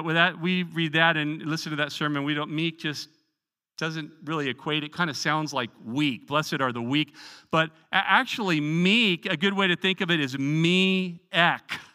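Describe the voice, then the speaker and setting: Pastor, male, earnest and emphatic, restarts and repeats words while preaching. Slightly high, tense voice. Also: moderate pace, pushed and bright, long reverb tail. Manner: earnest, emphatic preaching with frequent word repetitions. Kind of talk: Bible study sermon. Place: church sanctuary.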